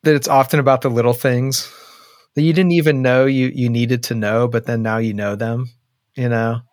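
A man's voice: medium pitch, steady tone, normal speed, darkish tone, no echo, clean studio sound. A man hosting an interview, reflective and affirming, who often checks in with "right?". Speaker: host. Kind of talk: podcast interview and narration.

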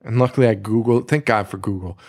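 Man, podcast co-host, casual chat, swears a lot, animated rant. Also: lowish voice, fast. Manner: profane, ranting, animated. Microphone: studio microphone.

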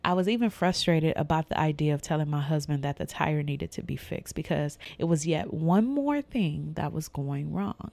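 A woman's voice: fairly low pitch, vocal fry, darkish tone, no echo. A woman sharing a candid, faith-based personal testimony, vividly reliving a frightening moment. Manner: candid and vivid, reenacting her own panic.

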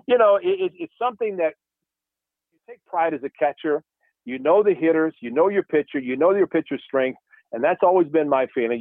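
A man's voice: a little high, no room sound. A man who once played catcher, talking baseball in casual radio chat and acting out old exchanges as he tells stories. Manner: animated storyteller, acts out dialogue. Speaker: baseball broadcaster, former catcher. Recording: dry phone-like radio line.

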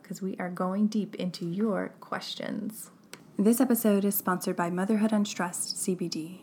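A woman in her thirties talks through a podcast episode in a chatty, upbeat way, scattering ums as she goes. Her voice sits a little low and carries a gravelly, creaky edge. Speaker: podcast host. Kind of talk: casual podcast monologue with ad reads.

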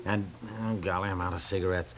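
An actor playing a patient, easygoing husband and father in a 1950s radio comedy, calm and reasoning, sometimes mildly exasperated. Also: low voice, fast talker, slight background noise. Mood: fatherly.

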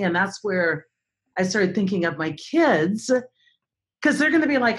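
As an interview guest, a speaker and trainer in her forties spins a dramatic tale in a fairly low voice at a moderate pace. She's lively and theatrical, voicing the other characters herself.

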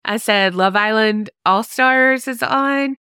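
A woman's voice: fairly high pitch, a little slow, clean tone, no echo, clean studio sound. A woman, congested with a cold, co-hosting a casual podcast chat and telling giggly stories. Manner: giggly, lively storytelling. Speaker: podcast co-host.

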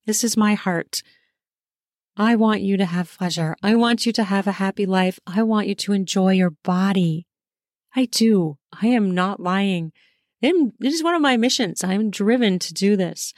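A woman's voice: mid-range voice, a little mellow, no echo, studio quality. A woman hosting her own podcast, signing off in a casual, effusive and giggly way, talking earnestly to her listeners. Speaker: podcast host.

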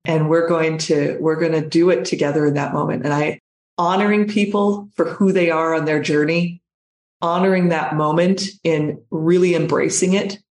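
A woman's voice: deep voice, fairly even intonation, normal speed, darkish tone, reverberant. A woman guest telling a personal story in conversation, speaking emphatically and repeating phrases for effect.

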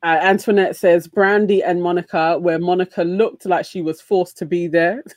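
A woman's voice: on the low side, steady tone, moderate pace, no room sound. Woman reads out comments, giggly and upbeat, dry close mic. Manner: upbeat, giggly while reading comments aloud. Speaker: podcast co-host reading viewer comments. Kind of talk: casual chat.

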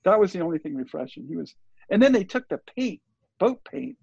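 A man in his sixties, an interview guest, telling a rambling, animated story and acting out the lines of the people in it. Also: sits high, fairly quick, gravelly, slightly rough, no room sound. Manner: rambling, animated, acts out quoted dialogue. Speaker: interview guest, surf filmmaker. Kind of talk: casual storytelling. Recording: dull lo-fi audio.

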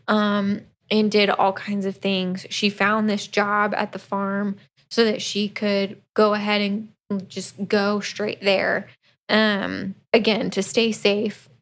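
A woman co-hosting a podcast, casually retelling a book's plot with quoted asides. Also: medium pitch. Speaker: podcast co-host. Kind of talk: casual book review chat.

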